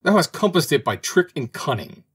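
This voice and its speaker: A man's voice: medium pitch, big pitch swings, unhurried, slightly rough. A man voicing a flock of birds who sound indignant and accusing. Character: crowd of indignant birds, angry.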